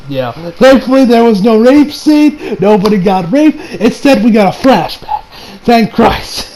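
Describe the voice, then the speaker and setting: A man with a high voice talks through an anime episode in a loose, casual review. He gets animated and exasperated, laughs often and swears freely. A faint hiss sits under his voice. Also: measured pace, rough recording.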